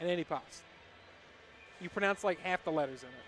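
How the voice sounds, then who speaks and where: A man's voice: sits high, very fast, fairly bright tone, slight background noise. A man doing color commentary at a college hockey game, chatty and teasing.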